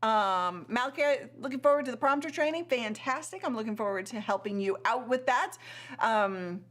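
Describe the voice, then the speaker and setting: A woman's voice: on the high side, animated, moderate pace, fairly bright tone. A tired woman hosting a casual live stream, chatty, with frequent laughs and many fillers.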